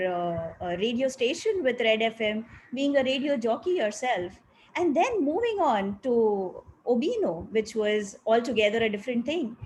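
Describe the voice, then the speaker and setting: Woman moderator, slightly high voice, welcoming intros. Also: a little mellow, a little hiss or hum, rough recording. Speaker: panel moderator, company CEO. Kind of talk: moderating a panel.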